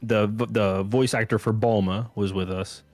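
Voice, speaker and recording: Low-voiced dude rambling through a story on a podcast, swearing a lot, faint music behind. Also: male voice, fairly even intonation, normal speed. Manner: laid-back rambling, swears freely. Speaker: podcast guest. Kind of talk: casual storytelling chat.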